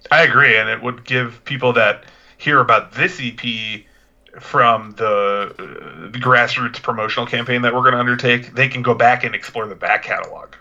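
A man's voice: medium pitch, moderate pace, creaky, bright, forceful tone, dull audio. A man co-hosting a podcast, chatting in a laid-back, rambling, joking way. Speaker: podcast co-host. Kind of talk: casual chat.

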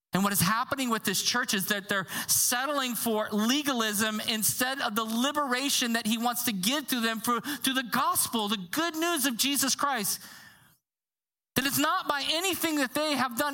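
Bright high-voiced woman preaching. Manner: animated, conversational preaching with acted quotes; drops to a hushed tone for emphasis. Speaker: pastor. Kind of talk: sermon.

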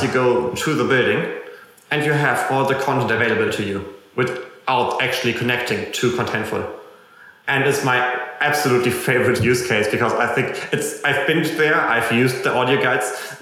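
A man's voice: mid-range voice, bright, forceful tone. A man with a German accent, chatting enthusiastically and at length as a podcast guest. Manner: enthusiastic, talkative, self-deprecating. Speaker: guest, software company representative. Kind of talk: casual podcast chat. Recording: very echoey room.

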